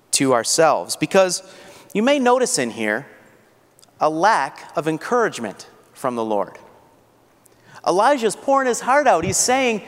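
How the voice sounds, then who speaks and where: A man preaching in an earnest, fervent tone, his voice sitting a little high. A long reverb trails each phrase, as if he stands in a large church hall. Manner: earnest, rising to fervent rhetorical questions. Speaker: pastor. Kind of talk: sermon.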